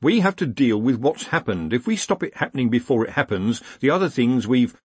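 A man's voice: mid-range voice, very animated, a little fast, husky, no room sound. A man voicing a nervous, cowardly wizard in an audiobook. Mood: anxious.

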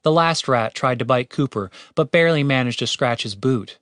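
A man narrating a comedic fantasy story with expressive, animated storytelling. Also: mid-range voice, moderate pace, no room sound, clean studio sound.

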